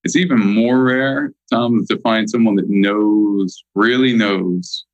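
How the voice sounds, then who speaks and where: Emphatic low-voiced man, dry sound. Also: dry recording, dull audio. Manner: emphatic, slows down to stress key points. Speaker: guest, nutritionist. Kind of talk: casual interview chat.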